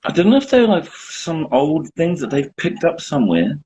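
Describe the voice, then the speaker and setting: A man's voice: a little high, big pitch swings, normal speed, dark tone, slight background noise, low-quality recording. A man in his forties chatting casually and joking at his own expense on a video call from home. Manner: joking, self-mocking. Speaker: director hosting a watch party. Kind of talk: casual chat.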